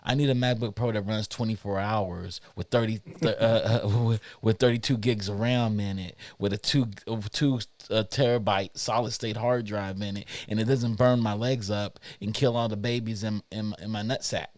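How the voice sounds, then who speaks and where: A man's voice: fairly low pitch, fairly even intonation, moderate pace, hardly any pauses, a little mellow, no echo. Opinionated male guest, casual rant, dry close sound. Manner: opinionated, emphatic ranting. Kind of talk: casual chat.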